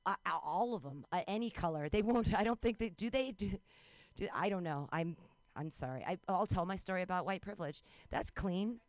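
A young woman performs a rambling, self-deprecating stand-up set at an outdoor show, now and then bursting into high-pitched mock panic. She talks briskly, and there is no echo.

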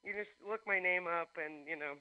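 A woman's voice: on the low side, normal speed, no echo. Foul-mouthed woman calling in, muffled phone sound, dry. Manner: blunt, profane, laughing. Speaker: guest caller. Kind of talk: casual chat. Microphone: phone call. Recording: dull phone line.

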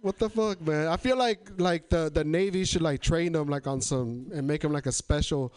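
A man's voice: fairly high pitch, normal speed, a little mellow, clear, resonant tone. A man hosting a comedy night, bantering with the crowd in a crude, offhand way between acts. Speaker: comedy show host. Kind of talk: emceeing a comedy show.

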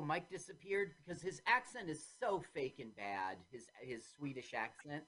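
A woman hosting a casual talk show, retelling an old film with animated voices for the characters. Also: sits low, moderate pace, slightly rough. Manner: animated storyteller, acts out quotes in loud voices. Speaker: podcast host.

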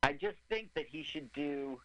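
A man's voice: a little high, expressive, moderate pace, sharp tone, no room sound, rough recording. A man co-hosting a radio podcast, chatting casually and with opinions about a movie they are watching, laughing often. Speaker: podcast co-host. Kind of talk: casual movie riffing chat.

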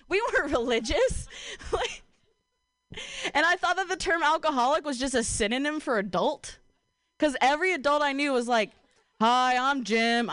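A young woman from Ohio doing a stand-up comedy set, casual and profane, with a deadpan delivery broken by her own laughs. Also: on the high side, clear, resonant tone, dry recording.

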